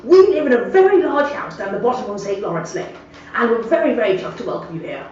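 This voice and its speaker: A woman voicing a forgetful, posh older gentleman who greets people grandly and warmly. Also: very high-pitched, sing-song, far from the mic, pitched above the performer's own voice. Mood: gushing. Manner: grand, drawn-out, overly welcoming. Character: posh retired English gentleman, forgetful, effusive. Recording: echoey, muffled room from afar.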